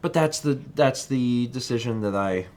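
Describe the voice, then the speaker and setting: A man in his thirties co-hosting a casual chat show, telling an animated story and mimicking other people's voices. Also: medium pitch, moderate pace. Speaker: co-host.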